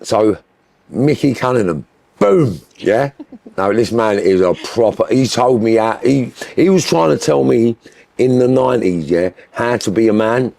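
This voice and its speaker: Gravelly Scouse man telling stories. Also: mid-range voice, measured pace, no room sound. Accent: Liverpool (Scouse). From Liverpool, England. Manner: animated, swears freely, mimics other voices. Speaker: interview guest. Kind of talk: candid storytelling interview.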